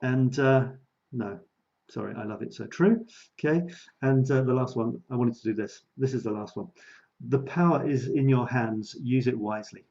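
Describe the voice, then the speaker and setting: A man coaches creativity on a live stream in a chatty, self-mocking way, laughing often and circling back over his words. His voice is warm and mellow at a middle pitch. The audio is a little dull and lo-fi. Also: normal speed, creaky.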